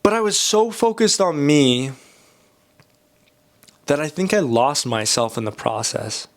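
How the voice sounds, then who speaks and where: A man's voice: a little high, lively intonation, unhurried. A young man with a slightly nasal voice from a cold, talking casually and candidly while drawing, rambling and joking at his own expense. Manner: candid, rambling, self-deprecating. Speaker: art channel host.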